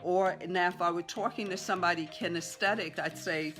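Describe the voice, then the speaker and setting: A woman teaching a sales training session to a group, talking fast with lots of fillers and acting out conversations with sellers. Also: lowish voice, steady tone, fairly bright tone, soft background music. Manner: talks fast, role-plays seller dialogue, many fillers. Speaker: real estate sales trainer. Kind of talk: live training talk to a room.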